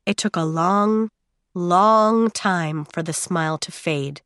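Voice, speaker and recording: A woman giving dramatic audiobook narration in a steady, measured way with drawn-out pauses. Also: on the low side, no room sound, clean studio sound.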